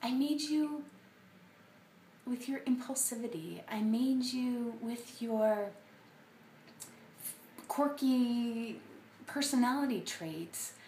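A woman speaking as a gentle, loving male God, with a soft, pleading manner that drifts into whispers. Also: a little high, slow, pauses often, echoey room, a little hiss or hum, pitched above the performer's own voice. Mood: tender.

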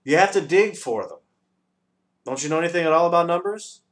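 A man voicing a pedantic, number-obsessed male dodecahedron in a storybook reading, lecturing precisely and bursting into shouts. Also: on the high side, lively intonation, brisk, pitched above the performer's own voice, natural voice. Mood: excitable, lecturing.

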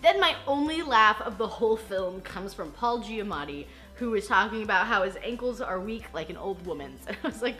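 A young woman chatting through a film recap, giggling and playing out the characters' lines herself. Her voice is bright and lively, swinging up and down in pitch. Faint music sits under it. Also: a little fast, hardly any pauses. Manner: chatty, giggly, self-deprecating, acts out quotes. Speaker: film reaction host. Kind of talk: casual movie recap chat.

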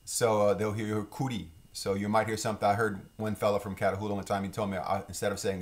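A middle-aged man from Louisiana with a Cajun accent, giving a casual language lesson in a relaxed, rambling way with many fillers. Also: lowish voice, fast talker, few pauses. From Louisiana, Lafourche Parish. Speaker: French teacher.

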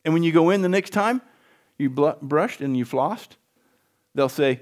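A man's voice: on the high side, animated, moderate pace, darkish tone. A male pastor preaching a sermon in a folksy way, often calling out to the congregation for a response.

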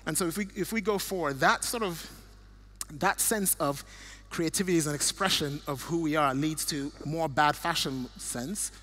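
Middle-aged man from Nigeria, guest speaker, a fairly high voice, earnest and story-driven with restarts. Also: normal speed, fairly bright tone. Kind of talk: church talk with slides.

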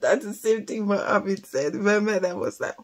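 A woman hosting a reaction video, chatting casually and laughing often about a comedy clip. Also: medium pitch. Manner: laughs often, slow and relaxed. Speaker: reaction channel host.

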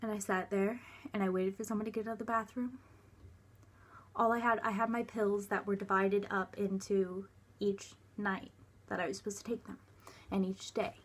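A young woman recounts a personal story straight to the camera in a breathy, slightly husky voice. She speaks haltingly, restarting sentences and leaning on filler words. At times her voice sinks to a near whisper, while her pitch stays in a middle range. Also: level tone. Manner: often drops to a soft, near-whispered voice. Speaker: vlogger.

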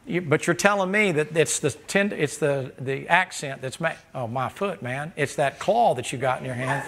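Folksy preacher with gravelly voice. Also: male voice, fairly high pitch, normal speed, hardly any pauses, noisy background. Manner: folksy, joking, rising to loud laughing bursts. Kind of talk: sermon.

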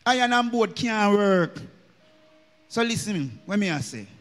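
A man's voice: high-pitched, sing-song, unhurried, fairly bright tone, long reverb tail, soft background music. A man with a Jamaican accent preaching a sermon in a church, slipping into patois and chanting his lines in a sung cadence. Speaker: minister.

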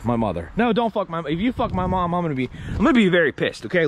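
A man's voice: high voice, very animated, fast, few pauses, slight background noise. Crude joking man freestyling outdoors. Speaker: vlogger exploring outdoors. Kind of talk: casual off-the-cuff vlog with freestyle rhymes. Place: outdoors in an open area.

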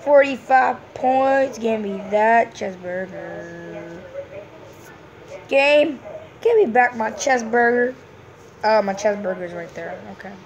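A woman giving casual, excitable gameplay commentary, full of playful hums and sing-song noises. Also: on the high side, slow, dull audio. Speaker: gameplay streamer.

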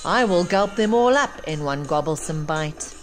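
A woman voicing a hungry, greedy male troll in a storybook read-aloud, speaking loudly and relishing his food. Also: deep voice, lively intonation, moderate pace. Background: music.

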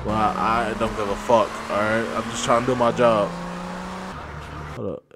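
A man doing casual let's play commentary, loud, profane and joking. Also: on the low side, flat delivery, normal speed, noisy background. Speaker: gameplay commentator.

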